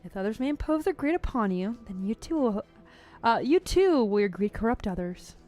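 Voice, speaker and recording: A woman's voice: on the high side, big pitch swings, normal speed, a little mellow, soft background music, voice pushed down. A woman voicing a cruel male enforcer of an inquisition who speaks in a formal, pious, menacing way. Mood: stern.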